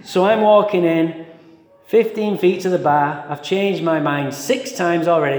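A man's voice: sits high, normal speed. A man candidly telling his own recovery story to an audience, acting out his past thoughts with self-mocking humor. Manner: candid, animated storytelling with self-mockery and acted-out inner voices. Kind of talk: personal story told to an audience. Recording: echoey hall.

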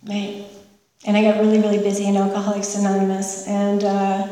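Woman, recovery meeting speaker, candid, emotional, flat delivery, distant mic, long reverb. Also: medium pitch. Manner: candid, emotional, halting with fillers. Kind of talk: personal testimony. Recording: echoey hall from far off.

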